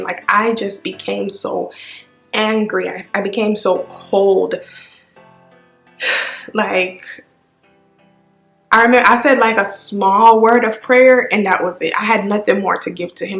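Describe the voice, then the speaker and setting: A woman's voice: mid-range voice, gravelly, fairly bright tone. Emotional woman telling a hard story. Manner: raw, tearful retelling with sudden rises. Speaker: vlogger. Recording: echoey room with faint music.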